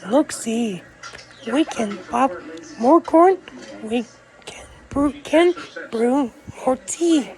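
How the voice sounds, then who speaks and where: A woman's voice: high voice, lively intonation, drawn-out words, long pauses, darkish tone, faint music behind, exaggerated voice, rough recording. A woman voicing a kind little storybook mouse, speaking in a soothing, comforting way.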